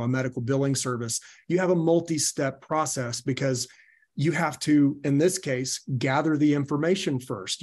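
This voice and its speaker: A man's voice: mid-range voice, darkish tone. A man training new business owners, explaining sales steps and telling anecdotes with some fillers. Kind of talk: business presentation.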